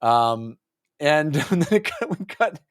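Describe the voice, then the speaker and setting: A man co-hosting a podcast, chatting excitedly about a book and acting out its characters' lines. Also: a little high, slow. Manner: excitable, acts out quotes in voices. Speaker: podcast co-host. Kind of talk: casual book discussion.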